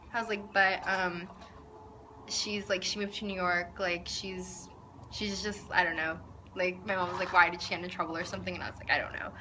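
A woman's voice: medium pitch, pushed and bright. A teenage girl casually telling a personal story, saying "like" a lot. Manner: chatty, says "like" a lot. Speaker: vlogger. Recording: audible background noise.

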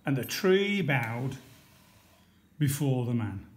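Slow, deliberate male storyteller. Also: medium pitch, expressive. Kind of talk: reading a picture book aloud.

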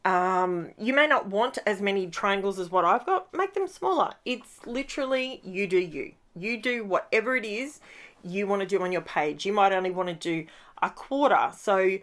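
A woman's voice: medium pitch, animated, moderate pace, a bit bright. A middle-aged woman, hosting a casual scrapbooking tutorial from her home craft room, chatty and rambling as she works. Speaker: scrapbooking channel host.

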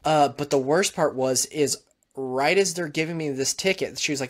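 A man's voice: a little high, normal speed. A man, co-hosting a podcast, telling stories in a casual chat and swearing a lot. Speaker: podcast co-host.

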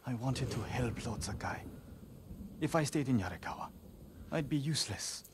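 An actor playing an earnest, eager young village man in a video game, soft-spoken. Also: mid-range voice, animated, normal speed, noisy background, lightly acted.

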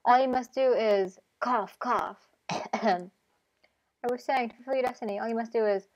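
A woman's voice: on the high side, moderate pace, close to an everyday voice. A woman voicing a ghostly spirit who delivers a prophecy in a grand, theatrical way. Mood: grandiose.

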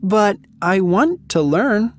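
A woman's voice: mid-range voice, lively intonation, slow pace, faint music behind, pitched above the performer's own voice. A woman voicing an eager, cheerful teenage girl who lives next door, in a storybook reading. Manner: bright, cheerful, talkative.

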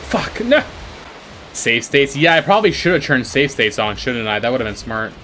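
A man commentating his own gameplay with a voice that climbs steeply into panicked squeals and drops back to calm explanation. He swears freely and jokingly brags about his skill. Faint game music plays underneath. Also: medium pitch, moderate pace. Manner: swings from calm explaining to shrieking panic and laughter; swears a lot, boasts jokingly. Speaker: gaming YouTuber.

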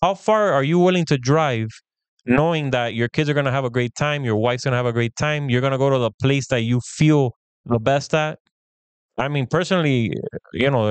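A man in his thirties talks casually as a podcast co-host and puts on the voices of the people he quotes. His voice is smooth and clear, at a mid pitch. The sound is dry and close. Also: no room sound. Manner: animated, acts out quoted dialogue. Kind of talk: casual storytelling chat.

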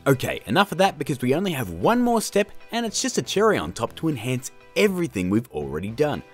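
A man's voice: mid-range voice, wildly swooping pitch, fast talker, slightly rough, faint music behind. A man hosting a casual editing tutorial, chatty and upbeat with jokey asides. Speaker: video tutorial host.

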